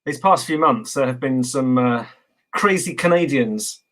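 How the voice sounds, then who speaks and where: A man's voice: medium pitch, a little slow, rough recording. Rambling man, interview guest. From England. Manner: relaxed, rambling, many fillers. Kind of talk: casual video interview.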